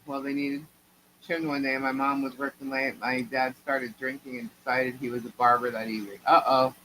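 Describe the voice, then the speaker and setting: A woman's voice: very deep voice, little pitch movement, normal speed, a bit bright, a little hiss or hum, poor audio. A middle-aged woman co-hosting a live stream, telling a long family story in a rambling, chatty way and laughing between sentences. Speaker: livestream co-host.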